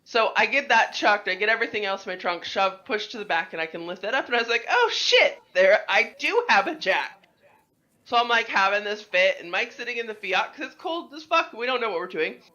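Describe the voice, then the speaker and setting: A young woman co-hosting a podcast, telling a story in casual chat with lots of swearing and animated delivery. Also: medium pitch, fairly quick, lo-fi sound. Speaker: podcast co-host.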